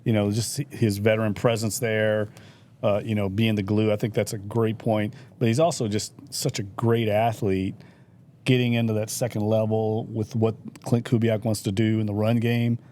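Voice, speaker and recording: A man's voice: fairly low pitch, level tone, normal speed, dark tone, a little hiss or hum. A man who is a sports columnist, talking loosely with lots of fillers in a casual podcast chat. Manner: loose, filler-heavy talk.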